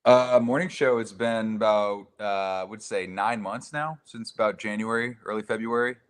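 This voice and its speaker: A young man on a sports radio show, speaking in a fairly low voice with a relaxed, easygoing manner as he chats with the hosts in the studio. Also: normal speed, smooth. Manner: easygoing, laid-back. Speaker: radio board operator. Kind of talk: casual radio sports chat. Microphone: studio microphone.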